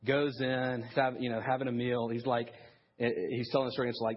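Husky man preaching casually. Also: medium pitch, steady tone, fast talker, lo-fi sound. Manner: casual, conversational preaching with many fillers. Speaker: pastor. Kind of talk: sermon with storytelling.

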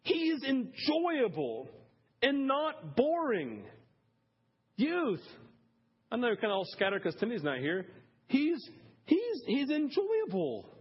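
A man preaching a sermon in a conversational way, with many "like"s and "listen"s, swinging from hushed to loud. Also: very high voice, huge pitch swings, slow, pauses often, husky. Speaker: pastor. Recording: dull lo-fi sermon audio.

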